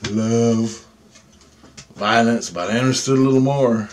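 A man telling a story about alien contact, swearing heavily, agitated and animated. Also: medium pitch, measured pace. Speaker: self-described alien contactee. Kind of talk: storytelling monologue.

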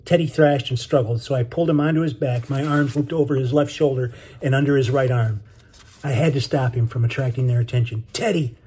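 A man reading his own novel aloud in steady, measured scripted narration. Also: mid-range voice, slightly rough.

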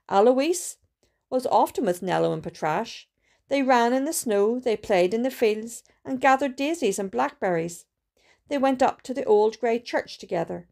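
A woman reading a storybook aloud with a steady, careful delivery and small restarts. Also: medium pitch, vocal fry. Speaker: student reader.

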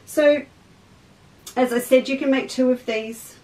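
A woman's voice: sits high, steady tone, measured pace, warm tone, recorded from a distance. Chatty Australian woman hosting a sewing class. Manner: chatty, rambling, talks to viewers by name. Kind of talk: casual livestream craft class. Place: indoor craft studio. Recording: echoey room, voice off-mic.

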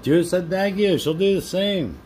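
A man's voice: high-pitched, animated, normal speed, a little mellow, slight background noise. A man hosting a casual live stream, chatting with viewers by name and laughing often while he reads their comments. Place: home.

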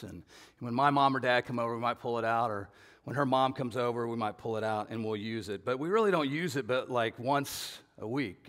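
Animated storytelling pastor in a reverberant hall. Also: male voice, medium pitch. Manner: animated, acts out family voices with shouts and laughs. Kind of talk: storytelling sermon.

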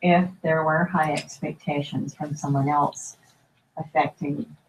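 Female session participant, deep voice, thoughtful tentative remark, faint background noise. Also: fairly even intonation, a little slow, rough recording. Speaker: training participant. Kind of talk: group discussion.

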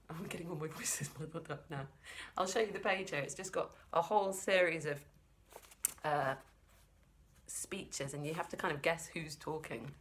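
A woman librarian reading a children's book aloud, expressive and chatty, stopping for asides. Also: low voice, normal speed. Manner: lively, expressive storytelling with asides.

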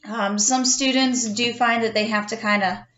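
A woman's voice: on the high side, fairly even intonation, normal speed, fairly bright tone, a little hiss or hum. A middle-aged woman, an art teacher, talking step by step through a drawing tutorial in a chatty way. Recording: echoey room, dull lo-fi sound.

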